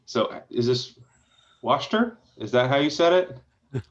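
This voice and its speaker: A man's voice: medium pitch, lively intonation, unhurried, highs cut off. A man reviewing a website aloud in casual, encouraging feedback, thinking through each suggestion as he goes, heard over a video call. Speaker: web design reviewer.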